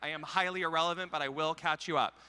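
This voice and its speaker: Wry, bright-voiced man on stage. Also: a little high, fairly even intonation, clear, resonant tone, big-room sound. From Canada. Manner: wry, self-deprecating, quick jokes. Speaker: conference speaker. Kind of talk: comedic keynote talk. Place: large conference hall. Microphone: handheld mic.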